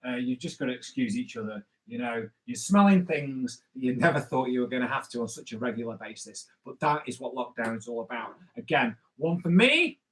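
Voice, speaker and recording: Sketching viewer requests on a live drawing stream, a man who makes comics cracks jokes and chats playfully. He's animated and a little fast with hardly any pauses, his mid-range voice fairly bright, and the recording rough.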